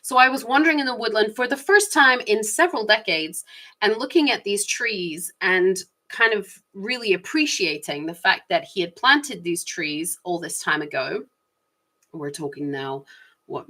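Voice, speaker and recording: Chatty and reflective, this woman vlogger talks through her own stories in a mid-range voice that's pushed and bright. Small laughs pop up frequently, and she speeds up and slows down throughout the casual monologue.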